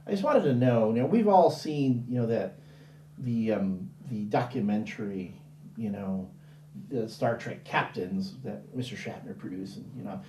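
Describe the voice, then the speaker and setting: A man spins a casual story as a guest, slipping into different voices whenever he quotes someone. His tone is mellow and warm, and he rambles through restarts and fillers. He sounds roomy, picked up from a distant mic. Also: fairly low pitch, normal speed, a little hiss or hum. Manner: animated, acts out dialogue in quoted voices. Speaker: interview guest.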